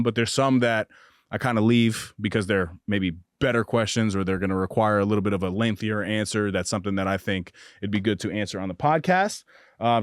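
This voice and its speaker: A young man hosts a podcast from a booth, talking casually and giving eager shout-outs with lots of "um"s and restarts. His voice sits in a middle pitch, and the sound is dry and close. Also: smooth, no room sound. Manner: upbeat, hyped shout-outs, frequent fillers and restarts. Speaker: podcast host.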